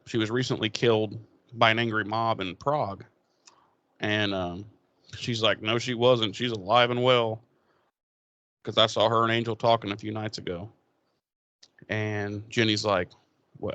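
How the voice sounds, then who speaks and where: A man's voice: fairly low pitch, steady tone, measured pace, long pauses, fairly bright tone, no room sound, muffled recording. A man co-hosting a podcast, recapping an episode in loose, profane, casual chat and paraphrasing the characters' lines as he goes. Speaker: podcast co-host.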